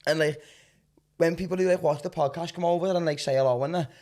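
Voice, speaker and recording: A man hosting a casual podcast chat in a fairly high voice. He laughs often and steers the talk with loose, friendly questions. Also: quick pace, a little mellow. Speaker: podcast host.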